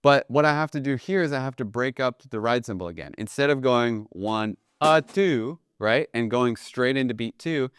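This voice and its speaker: Young male drum instructor, easygoing and chatty, smooth resonant voice recorded dry and close. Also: medium pitch, no room sound. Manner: explains in a relaxed, conversational way, often checking in with "right?"; counts beats aloud slowly while demonstrating. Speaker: jazz drum teacher. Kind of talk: instructional video lesson.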